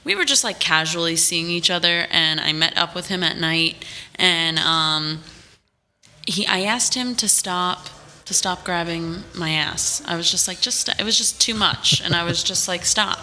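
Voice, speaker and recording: A young woman, a guest, telling a story in casual chat, animated and full of fillers. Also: fairly low pitch, unhurried, long reverb tail. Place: restaurant.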